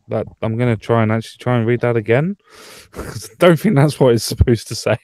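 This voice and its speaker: A man's voice: medium pitch, measured pace, long pauses, darkish tone, no echo. A man from Britain hosting a casual political chat online, swearing freely and laughing often. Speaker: podcast host.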